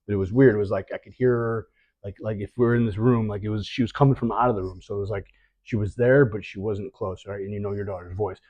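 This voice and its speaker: Low man, halting retelling, many restarts, dry dull recording. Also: fairly even intonation, darkish tone, dry recording. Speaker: guest sharing a scam story. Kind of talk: emotional retelling.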